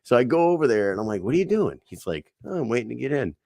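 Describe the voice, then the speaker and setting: A man co-hosting a podcast, telling stories in a casual, animated way with lots of swearing and acted-out quotes. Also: mid-range voice, racing, vocal fry, no room sound, studio quality. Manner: animated storyteller, swears a lot, acts out quotes. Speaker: podcast co-host. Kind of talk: casual chat.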